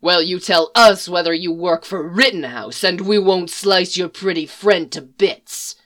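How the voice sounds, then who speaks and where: A woman's voice: on the low side, measured pace, a bit bright, pitched below the performer's own voice. A woman voicing a menacing heavily accented man who sneers his threats. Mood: sneering. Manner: sneering, growling.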